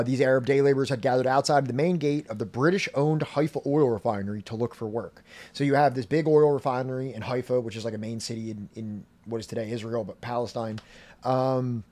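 A man's voice: medium pitch, a little mellow. Casual man reading history aloud. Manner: reads passages aloud then explains them loosely with fillers. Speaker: podcast host. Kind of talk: casual history podcast commentary.

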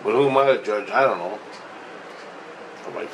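A man's voice: medium pitch, animated, normal speed, long pauses, a bit bright, a little hiss or hum, poor audio. Man rambling through a profane story. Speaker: vlogger. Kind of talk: casual storytelling.

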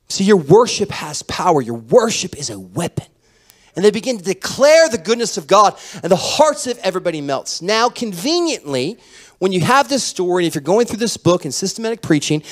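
A man preaching a sermon as pastor, telling stories with a voice that drops to a hush and then rises loud. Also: high voice. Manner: animated storytelling, dropping to a hush then rising loud. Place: church hall.

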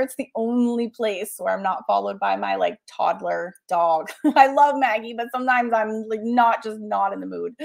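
A woman in her forties from Massachusetts, an art teacher hosting a casual livestream, chatting, laughing often and reading out viewer comments. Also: mid-range voice.

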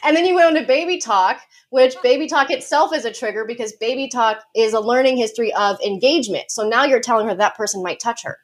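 Confident woman explaining dog behavior. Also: a little high. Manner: confident, explanatory, quick asides with light laughs. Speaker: dog behavior consultant guest. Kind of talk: podcast interview, explaining.

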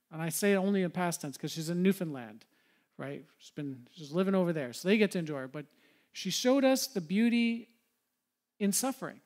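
A man, a pastor preaching a sermon to his congregation in a church, talking in a conversational way and putting questions to the listeners. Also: sits high. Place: church sanctuary.

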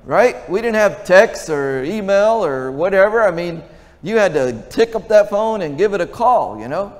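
A man's voice: high-pitched, expressive, normal speed. An older man preaching a sermon as pastor, conversational and often asking the congregation questions. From Texas. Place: large church sanctuary. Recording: long church reverb.

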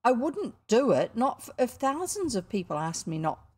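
A woman's voice: medium pitch, expressive, a little slow, natural voice. William, an indignant schoolboy, as a woman reads him. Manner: indignant, argumentative, ungrammatical. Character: indignant, defiant eleven-year-old boy. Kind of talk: storybook reading.

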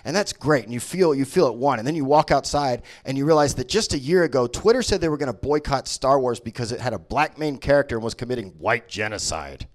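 A man doing a stand-up comedy set, profane and mocking, with quick voices for the people he makes fun of. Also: medium pitch. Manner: profane, animated, mocking impressions.

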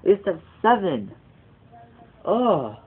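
A man's voice: sits high, big pitch swings, slow pace, breathy edge, narrow, tinny audio. A teenage boy rambling through a casual video blog, digressing often and swearing casually. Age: teens. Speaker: vlogger.

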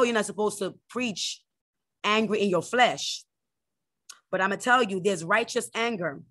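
A woman's voice: a bit bright, no echo. A woman minister preaching fervently in an online morning prayer, quoting scripture and mocking critics in a raised voice. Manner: fervent preaching with Bible quotes; mocks critics in a high voice.

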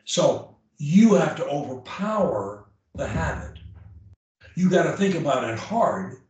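A man coaching a client on her speech, blunt and emphatic, repeating key phrases to drive them home. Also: on the high side. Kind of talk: one-on-one coaching session. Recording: echoey room, far from the mic.

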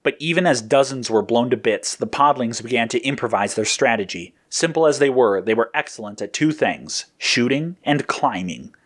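A man narrating an adventure story in a steady, even reading voice. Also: medium pitch, normal speed, hardly any pauses.

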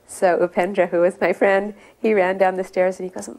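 A woman's voice: fairly low pitch, level tone, darkish tone. Earnest middle-aged woman recalling memories. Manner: earnest storytelling with many pauses and fillers. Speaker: devotee recounting memories. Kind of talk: personal reminiscence.

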